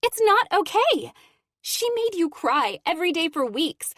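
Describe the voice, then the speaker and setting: Woman doing a shrill teenage girl, furious, snapping, high and loud, audiobook. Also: sing-song, unhurried, no echo, studio quality, exaggerated voice. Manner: sharp, snapping, accusing.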